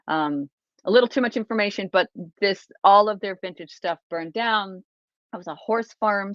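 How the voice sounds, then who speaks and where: A woman's voice: on the low side, fairly bright tone, no echo, dull audio. A woman hosting a casual livestream chat from a small closet, rambling with lots of fillers and restarts. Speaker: livestream host.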